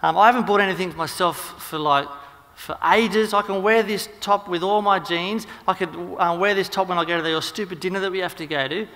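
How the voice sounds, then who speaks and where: Wife, breezy then snappy, put on by a man, bright voice, in a reverberant hall. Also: fairly high pitch, fast talker, few pauses. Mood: defensive. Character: wife defending a new jacket.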